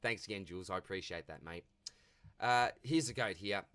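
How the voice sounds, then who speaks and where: A man's voice: low-pitched, normal speed, a bit bright, clear, resonant tone. A man with an Australian accent hosting a casual viewer Q&A, chatty and matey as he answers questions. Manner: chatty and matey, often says mate. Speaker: fantasy football channel host.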